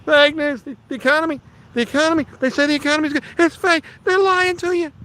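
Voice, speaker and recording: A man doing an impression of a blustering, boastful male politician in a bombastic, shouty, repetitive manner. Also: extremely high pitch, steady tone, quick pace, voice pushed up.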